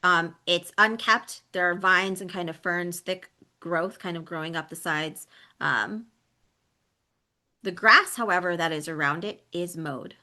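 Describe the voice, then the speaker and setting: A woman narrating as game master of a tabletop role-play, describing scenes with frequent ums and pauses. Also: on the low side, sharp tone. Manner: descriptive, hesitant with many ums.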